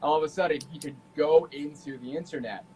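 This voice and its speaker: A young man talking as a guest on a casual podcast, outgoing and animated, laughing often. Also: on the high side, a little fast, a little hiss or hum, poor audio. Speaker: guest artist.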